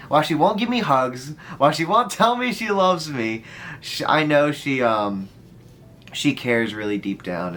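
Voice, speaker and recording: A man's voice: mid-range voice, a bit bright, slight background noise. A man in his early twenties telling a heartfelt story in a rambling way, full of fillers. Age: 20s. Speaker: storyteller vlogger. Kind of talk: casual story time.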